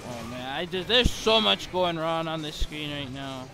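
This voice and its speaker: A man giving excitable gameplay commentary while sick with a bad cough, breaking into frequent exclamations. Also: on the high side, moderate pace, creaky, music in the background. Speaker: gamer.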